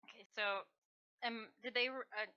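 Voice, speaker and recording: A woman's voice: on the high side, fairly even intonation, moderate pace, clear, resonant tone, dull audio. A woman player in a tabletop game, describing her character and giving sassy in-character retorts. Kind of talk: tabletop role-play, in and out of character.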